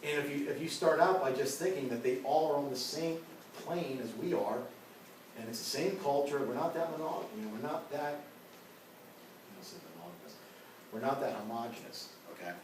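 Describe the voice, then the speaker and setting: A man's voice: a little high, moderate pace. Man, classroom lecture, conversational, heavy room echo, distant mic, faint hiss. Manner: conversational, frequent "you know" and "right?". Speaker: ethics instructor. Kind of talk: classroom lecture with personal anecdotes.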